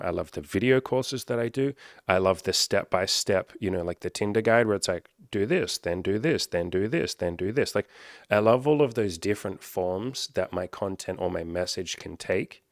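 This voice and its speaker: A man's voice: sits low, no room sound, clean studio sound. A man, a self-help coach talking to his audience in a rambling, earnest monologue that is peppered with casual swearing.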